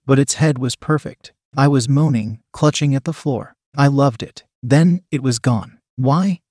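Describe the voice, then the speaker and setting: A man's voice: medium pitch, unhurried, darkish tone, no room sound. Man reading a story in a dry close voice. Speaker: story narrator. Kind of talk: scripted first-person narration.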